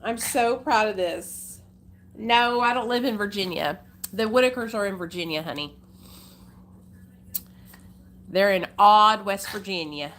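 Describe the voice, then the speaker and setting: This talkative livestream host, a young woman with an Arkansas country twang, speaks at a moderate pace in a medium pitch with a fairly bright tone. She's chatty and folksy, addressing her viewers as "honey" and "y'all."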